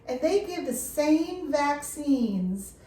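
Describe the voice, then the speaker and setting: A woman's voice: high-pitched, animated, takes it slowly, warm tone, reverberant. A middle-aged woman talking to camera in an earnest, impassioned way, leaning hard on key words. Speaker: dog care vlogger. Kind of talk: casual talk to camera. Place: lake house, indoors.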